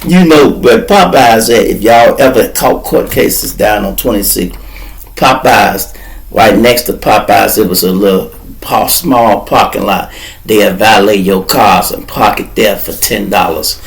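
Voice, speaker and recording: A man, the host of a podcast, tells a story in an animated, profane, slangy way. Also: lowish voice, a little slow, creaky, low-quality recording.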